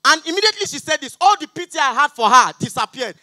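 A young Nigerian man with a Nigerian accent doing a stand-up comedy set on an auditorium stage, loud, pleading and mock-outraged with the crowd. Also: very high-pitched, sing-song, fast, few pauses, no room sound. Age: young adult.

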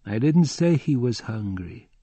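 A man's voice: mid-range voice, normal speed, creaky, a little mellow, no room sound, pitched above the performer's own voice. A man reading an audiobook, voicing a weary, brusque male resistance leader who answers questions evasively.

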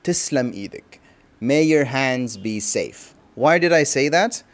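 A man gives a casual language lesson. He explains each phrase slowly, repeats it, and chuckles now and then. His voice sits at an ordinary middle pitch. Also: lively intonation. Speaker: language teacher.

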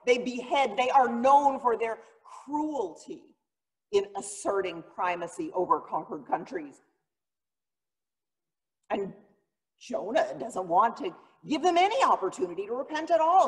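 A woman pastor giving a sermon, telling the story in an earnest, dramatic way. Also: high-pitched. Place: church sanctuary. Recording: long reverb of a church hall.

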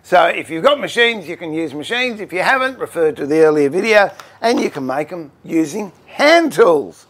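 A man's voice: on the high side, lively intonation, normal speed, few pauses, fairly bright tone. A middle-aged Australian man hosting a woodworking livestream, chatting casually, greeting viewers by name and joking about himself.

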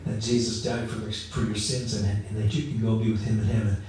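A man's voice: fairly low pitch, level tone, fast talker, a little mellow, slight background noise. Man preaching in an echoey church. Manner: conversational storytelling, acts out quoted voices. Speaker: pastor. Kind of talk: sermon with personal stories. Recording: very echoey room, mic at a distance.

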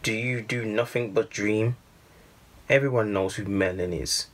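A man's voice: fairly low pitch, a little slow, fairly bright tone. A man reading the lines of a mocking, scornful young man in a storybook. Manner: scoffing, growling.

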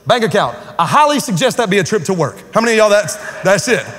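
A man preaching a lively sermon to a church congregation, joking and conversational with casual slang. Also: sits high, fast, big-room sound. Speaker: pastor. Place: church sanctuary with live congregation.

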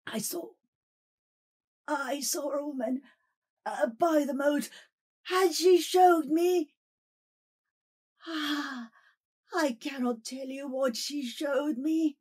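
A woman voicing a terrified man who gasps out his words in a high, frantic voice. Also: very animated, very slow, hardly any pauses, dark tone, breathy edge, heavily acted. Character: terrified man fleeing a ghost, panting.

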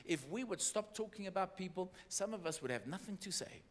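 A man preaching a sermon as an apostolic church leader, animated and building up to shouted exhortations. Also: high voice, brisk, a little hiss or hum.

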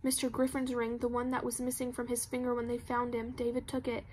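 A woman's voice: on the high side, completely flat delivery, brisk, a little mellow, slight background noise, natural voice. A woman voicing an anxious teenage girl who talks in a shaky, stammering way.

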